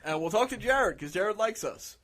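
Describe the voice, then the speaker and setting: A man's voice: high voice, lively intonation, normal speed, a bit bright. A young man co-hosting a podcast, joking and swearing casually as he wraps up the show. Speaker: podcast co-host. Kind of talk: casual chat.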